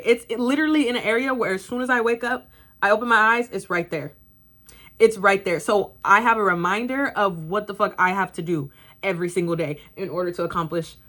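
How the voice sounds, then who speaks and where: A woman's voice: medium pitch, fairly bright tone. A young woman in her twenties vlogging at home to camera, giving a blunt, sassy motivational talk and swearing freely. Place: bedroom at home, indoors. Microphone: camera facing her.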